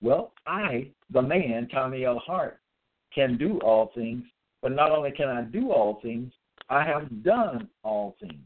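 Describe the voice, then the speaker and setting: A man preaching a religious monologue at an unhurried, deliberate pace, his pitch swinging widely as he stresses each point. He repeats himself and spells words out letter by letter. The sound is thin and tinny, as though it came over a phone line. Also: animated, a little hiss or hum. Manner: emphatic and repetitive, spells out letters; hesitant restarts with frequent uh. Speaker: self-styled religious teacher.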